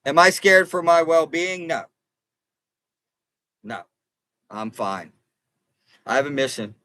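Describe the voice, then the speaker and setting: A man's voice: on the high side, sing-song, slow pace, pushed and bright, no room sound, poor audio. A man hosting a casual livestream from inside an RV, talking earnestly to viewers in a rambling way, repeating and restarting phrases. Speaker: livestream host and consumer advocate.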